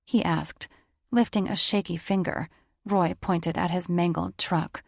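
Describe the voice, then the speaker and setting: A woman narrating a romance audiobook in an even, measured storytelling voice. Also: lowish voice, creaky, no room sound, clean studio sound.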